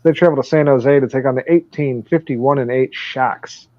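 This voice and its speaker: A man's voice: mid-range voice, normal speed, a little mellow, no room sound, dull audio. Crude laid-back man hosting a podcast. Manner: profane, laughing, loose. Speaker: podcast host. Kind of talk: casual sports betting chat.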